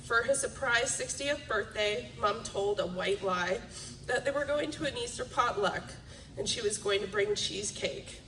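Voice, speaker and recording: A woman's voice: medium pitch, normal speed, pushed and bright, a little hiss or hum. A young woman reading a eulogy for her parents at a memorial, emotional and laughing through tears. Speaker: daughter giving a eulogy. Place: memorial gathering hall. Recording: echoey room, mic from a distance.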